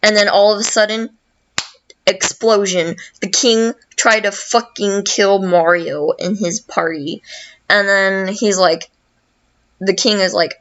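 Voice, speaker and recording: A young woman hosts a podcast, telling a story in a slow, loose, rambling way. She swears a lot and fills gaps with fillers. Her recording sounds dull and lo-fi. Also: medium pitch, fairly even intonation, fairly bright tone. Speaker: podcast host. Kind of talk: casual plot retelling.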